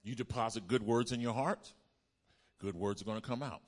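A pastor preaching a sermon to his congregation, asking them to repeat lines back and building up to loud exclamations. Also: medium pitch, normal speed. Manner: call-and-response preaching, builds to shouts. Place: church.

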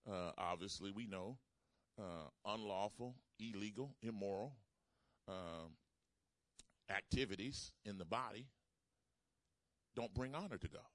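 A man's voice: fairly low pitch, a little slow, long pauses, fairly bright tone, no room sound. A man preaching a sermon. He calls for responses from the congregation and repeats phrases for emphasis. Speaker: pastor.

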